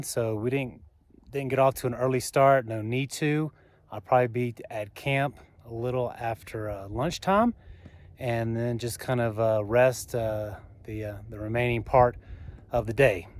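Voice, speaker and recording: A man with a Southern US accent talking casually to camera on a mountain trail, chatty and halting with fillers, sometimes out of breath. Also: medium pitch. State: out of breath on climbs. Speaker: hiker vlogger.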